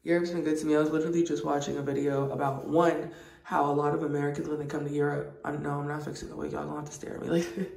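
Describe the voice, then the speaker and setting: A woman vlogger chatting casually to camera in an animated, profane way. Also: low-pitched, quick pace, vocal fry. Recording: roomy, distant mic.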